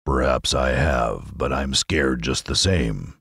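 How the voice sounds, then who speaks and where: A man voicing a big, timid male lion who talks slowly and hesitantly. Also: a bit bright, breathy edge, dry recording, studio quality, exaggerated voice. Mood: anxious. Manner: slow, low, hesitant delivery. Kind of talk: audiobook character reading.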